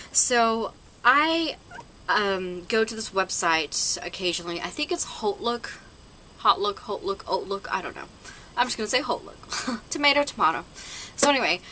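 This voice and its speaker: A woman's voice: medium pitch, pushed and bright, a little hiss or hum, rough recording. A woman doing a casual makeup haul review, chatty and hesitant, with lots of fillers and self-corrections. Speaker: beauty vlogger.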